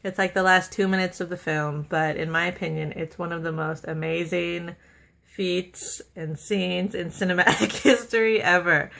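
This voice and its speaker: A young woman talks casually to the camera in a somewhat low-pitched voice. She gushes with enthusiasm, laughs often and runs her thoughts together with plenty of fillers. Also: fairly even intonation, moderate pace, creaky, fairly bright tone. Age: young adult. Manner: chatty with many fillers and run-on sentences. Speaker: vlogger.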